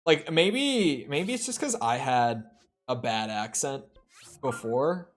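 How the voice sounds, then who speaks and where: A man's voice: mid-range voice, expressive, takes it slowly. A man chats casually through a live game stream in a mid-range voice, rambling and swearing. He bursts into indignant outcries now and then, with faint game music behind him. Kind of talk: casual live-stream chat while gaming.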